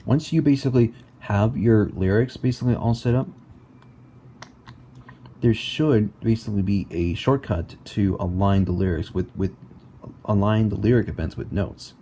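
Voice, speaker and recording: A young man explaining a music game tutorial in a halting way, repeating words and filling with "basically" and "like", recorded on a laptop mic at home. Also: lowish voice, mellow, a little hiss or hum. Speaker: tutorial maker. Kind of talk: casual screen-recorded tutorial.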